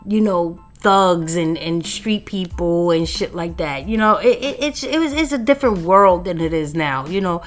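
A woman's voice: on the low side, lively intonation, moderate pace, few pauses, soft background music. A middle-aged woman from New York telling her life story on her own show in a blunt, profane, streetwise way. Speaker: podcast host. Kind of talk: casual personal storytelling.

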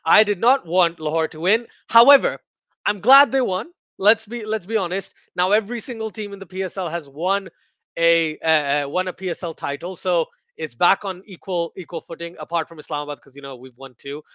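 A man's voice: sits high, fairly quick, bright, forceful tone, no echo. A man appearing as a guest on a cricket podcast, talking casually with dry, sarcastic humor.

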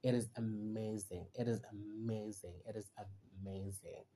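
A man's voice: on the low side, little pitch movement, normal speed, dark tone, a little hiss or hum. A young man, hosting a solo podcast in a chatty, heartfelt way and rambling with lots of "you know" and "like". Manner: rambling, disconnected thoughts. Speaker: podcast host. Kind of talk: casual solo podcast monologue.

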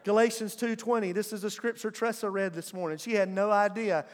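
A man's voice: high-pitched, fairly even intonation, brisk. A man preaching a sermon as pastor, emphatic and calling on the congregation to answer him. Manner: emphatic, calls on the congregation to respond. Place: church sanctuary. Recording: long church hall reverb.

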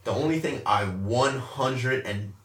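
A young man telling a story in casual chat, cursing often, full of slang and lively retellings. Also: mid-range voice, slow pace. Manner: profane, animated storytelling with slang. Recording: roomy echo, a bit far from the mic.

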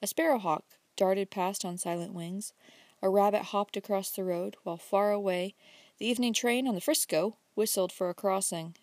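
Lady reading an old novel aloud, steady and measured, dry close mic. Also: mid-range voice, no echo. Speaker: audiobook reader. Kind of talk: scripted narration.

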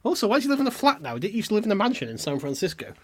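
A man's voice: high-pitched, very animated, racing, a little hiss or hum. A man co-hosting a podcast, bantering crudely, swearing and laughing often.

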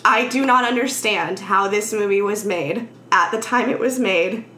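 A woman's voice: medium pitch, moderate pace. A woman in casual chat, retelling a film's plot scene by scene and acting out the characters' lines. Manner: animated storytelling, acts out characters' lines. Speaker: podcast host recapping a film. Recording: echoey room with faint noise.

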